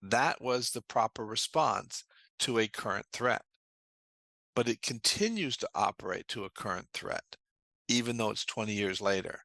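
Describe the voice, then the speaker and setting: A man with a bright, forceful voice talks as a guest in an interview, earnestly explaining his therapy work. He has a fairly low voice, and the recording is dry and close, with no room sound. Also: animated, normal speed, gravelly, dry recording. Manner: earnest, explanatory, tells anecdotes. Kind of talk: conversational interview storytelling.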